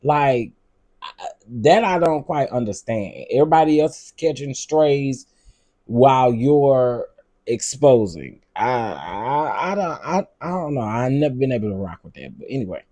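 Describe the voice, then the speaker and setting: A man's voice: medium pitch, lively intonation, a little slow, warm tone, no echo. A man hosting a commentary show, giving hesitant, conversational asides. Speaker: commentary host. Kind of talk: casual commentary.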